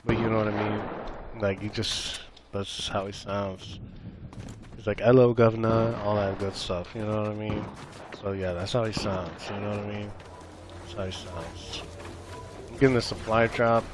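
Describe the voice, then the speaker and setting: A man talks through a live game stream in a fairly low voice, wandering and repeating himself with lots of fillers. Gunshots and game noise sound clearly beneath his voice. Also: flat delivery, normal speed. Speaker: gaming streamer. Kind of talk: live gameplay commentary with viewers. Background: gunfire and game sounds.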